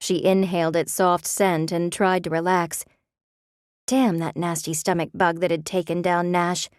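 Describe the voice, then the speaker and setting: A woman narrating a romance audiobook in a measured, expressive way. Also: fairly low pitch, smooth, no echo, studio quality.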